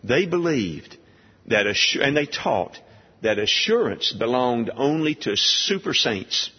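A man preaching an expository sermon, emphatic and deliberate, firing off rhetorical questions. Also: mid-range voice, big pitch swings, breathy edge. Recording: dull lo-fi audio with long hall reverb.

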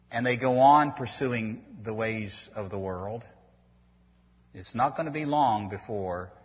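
A man's voice: medium pitch, breathy edge. A man preaching a sermon, earnest and pleading, rising to emphatic peaks as he makes his points. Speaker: pastor. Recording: dull lo-fi sound in a long-echo hall.

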